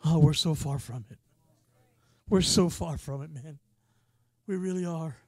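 A man preaching a sermon in a casual, passionate way, often saying "man" and swinging from quiet talk to shouting. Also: a little high, a little slow, no room sound, clean studio sound.

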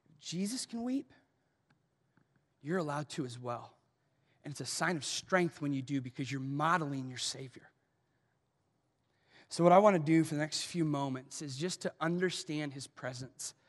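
A male pastor with an American accent preaching a sermon, emphatic, rising to loud urgency and dropping to hushed softness. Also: a little high, normal speed, long pauses. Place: large church auditorium. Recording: long hall reverb.

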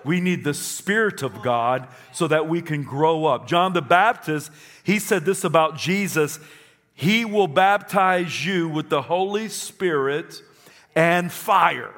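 High-voiced preaching man. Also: slow, fairly bright tone. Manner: emphatic, repeats phrases for the crowd. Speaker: pastor. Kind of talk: sermon. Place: church.

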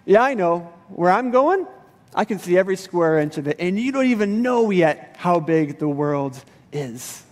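A preacher voicing an amused, calm male Jesus in a relaxed, knowing way. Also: sits high, normal speed, big-room sound.

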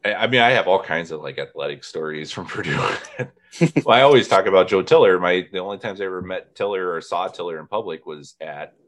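A man with a very low voice hosts a relaxed conversation. He spins stories, breaks into laughter, and mimics the people he quotes. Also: fairly quick. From northern Indiana. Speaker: podcast host. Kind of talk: casual chat.

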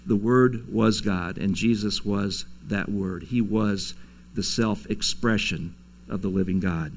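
A man's voice: on the low side, fairly even intonation, takes it slowly, gravelly, slight background noise. A man preaching a sermon to his congregation, in a conversational way, chuckling now and then and acting out quoted lines. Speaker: pastor. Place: church sanctuary.

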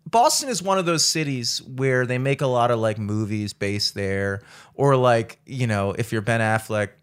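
A man hosting a podcast, spinning a travel story in loose, swear-heavy casual chat. His voice sits at an ordinary middle pitch for a man, and he leans on fillers as he rambles and jokes. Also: moderate pace, smooth. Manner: profane, animated storytelling with many fillers. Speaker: podcast host.

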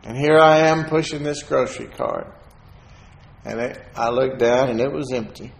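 A man gives a sermon testimony in a relaxed, folksy storytelling way, switching into the voices of the people he quotes. His voice sits at an ordinary middle pitch. The room around him is echoey. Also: normal speed, vocal fry, a little hiss or hum. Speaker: preacher sharing testimony.

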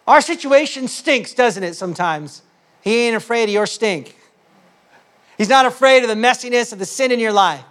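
Male pastor, passionate sermon delivery with big dynamic swings, very high voice. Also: expressive, measured pace, long pauses. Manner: passionate preaching, swings from loud to soft.

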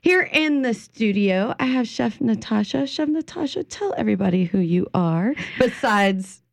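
A woman's voice: on the high side, moderate pace, gravelly, dry recording. Chatty woman radio host. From Louisiana. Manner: chatty, animated, playful storyteller. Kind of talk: casual radio chat. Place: radio studio.

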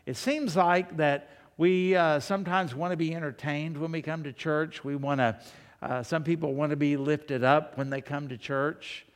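A male pastor preaching a sermon in a slow, deliberate, conversational way, telling personal stories in a church. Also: fairly high pitch, steady tone. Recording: long hall reverb.

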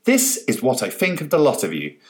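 A man voicing a defiant, calmly unhinged middle-aged executive. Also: mid-range voice, fairly quick, voice pushed up.

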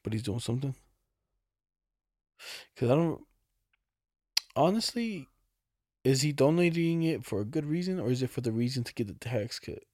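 A man's voice: medium pitch, animated, moderate pace, long pauses, warm tone, no echo, clean studio sound. A man in casual chat, telling stories by acting out quoted exchanges, swearing casually.

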